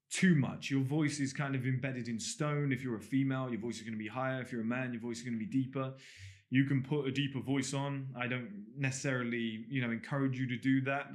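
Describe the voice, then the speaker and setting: Casual man teaching to camera. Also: mid-range voice. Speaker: online course instructor. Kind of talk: casual spoken lesson to camera. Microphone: talking to camera.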